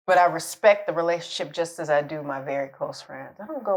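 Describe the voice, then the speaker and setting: A woman's voice: deep voice, fairly quick. A middle-aged woman coach giving candid, conversational relationship advice, laughing at her own jokes now and then. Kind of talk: casual advice talk to camera.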